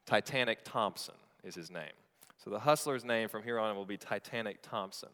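Playful pastor in a ringing church hall. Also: male voice, fairly low pitch, a bit bright. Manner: playful storytelling, quick asides to the congregation. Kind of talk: sermon. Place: church sanctuary.

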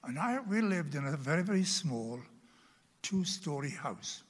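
A fairly high, husky, very animated voice belongs to an elderly Welshman delivering a sermon about his boyhood. He paces it slowly for drama and lowers to a whisper for emphasis, while the hall adds a long reverb.

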